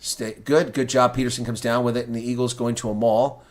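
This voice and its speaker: Brief: male streamer, mid-pitched, live rugby play-by-play, excitable, outbursts, chats to viewers. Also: a little fast. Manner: excitable, swings from calm calling to loud outrage; talks to chat viewers between plays. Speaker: livestream rugby commentator. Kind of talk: live reaction play-by-play commentary.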